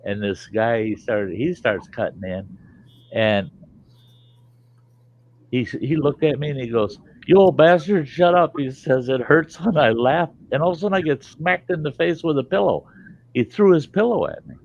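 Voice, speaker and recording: Gravelly and medium in pitch, the host talks at a moderate pace on his livestream. His salty stories ramble along as he voices each character with gusto, and the stream audio sounds dull and lo-fi.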